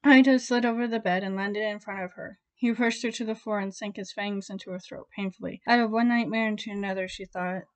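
A woman narrating a dramatic romance story with expressive emphasis. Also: medium pitch, fairly quick, few pauses, no echo. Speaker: audiobook reader.

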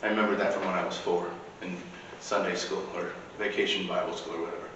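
A man's voice: low voice, flat delivery, quick pace, muffled recording, noisy background. A man preaching a sermon in a church, in a conversational way with casual asides. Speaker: priest. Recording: echoey church recording from far off.

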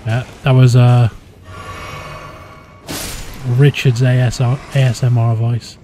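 A man streaming a game live, chatting casually with viewers in a low-key, easygoing way. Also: flat delivery, normal speed, noisy background. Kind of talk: casual live-stream chat while gaming. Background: game music.

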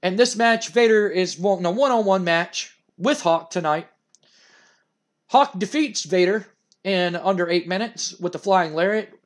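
A young man narrating a game in a loose, rambling way. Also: high voice. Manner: loose, rambling, recapping with fillers. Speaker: gaming narrator. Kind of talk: casual let's-play narration.

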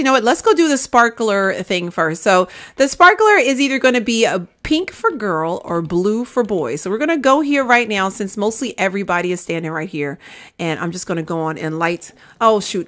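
This gaming video creator has a medium-pitched, fairly bright voice and gives casual commentary while she plays. She chats with her viewers, says "y'all," and alternately coaxes and scolds her game characters along.

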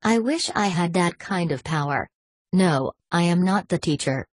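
A cunning male French manservant, soft-spoken and unhurried, as a woman reads him aloud. The voice sits low and husky with a dry, close sound and little room in it. He speaks with calm assurance and a French accent. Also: no echo. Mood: calm assured.

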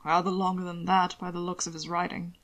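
A woman voicing a possessive, arrogant male lover in a low, murmuring tone for a read-aloud story. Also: little pitch movement, brisk, fairly bright tone, lightly acted. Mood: tender.

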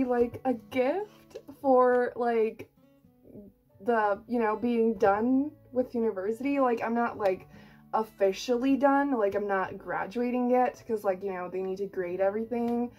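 Gushing young woman unboxing books. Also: on the high side. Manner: gushing, excitable, lots of "like" and swearing. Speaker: book vlogger and author. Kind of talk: casual unboxing vlog.

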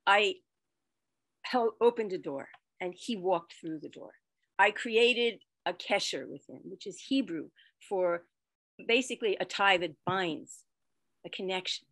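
Bright-voiced woman telling an expressive story. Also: medium pitch, a little slow, no room sound. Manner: expressive, dramatic swings in loudness. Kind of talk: storytelling performance.

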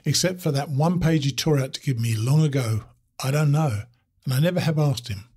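Husky man reading a story aloud. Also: a little high, darkish tone. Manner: measured, descriptive storytelling.

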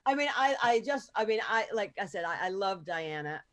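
A woman's voice: mid-range voice, expressive, a little fast, a bit bright, a little hiss or hum. An American woman in her fifties hosting a podcast, chatting frankly with swearing and restarts. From United States. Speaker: podcast host. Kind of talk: casual podcast chat.

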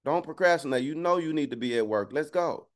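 A man's voice: fairly high pitch, expressive, a little fast. A man preaching a casual livestreamed sermon, conversational and slangy, with joking asides and a constant "right?" to his listeners. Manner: conversational, keeps asking "right?".

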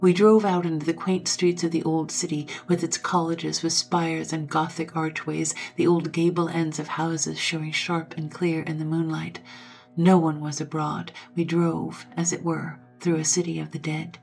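Woman reading a spooky story, dramatic, lowish voice, soft music behind. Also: little pitch movement, moderate pace, creaky. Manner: dramatic, with hushed whispered passages. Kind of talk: scripted narration of a ghost story.

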